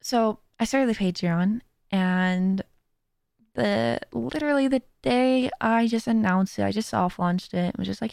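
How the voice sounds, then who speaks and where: Giggly young woman, smooth and dry. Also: mid-range voice, measured pace, a little mellow, no room sound. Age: young adult. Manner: rambling, with many fillers. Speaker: podcast host and streamer. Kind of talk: casual chat. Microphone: speaking into a close mic.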